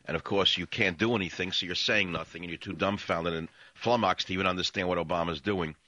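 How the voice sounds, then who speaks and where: A man's voice: sits low, steady tone, fast talker, bright, forceful tone, no room sound, highs cut off. A man hosting a political talk radio show, reading news items aloud and mocking them in a sarcastic, ranting monologue.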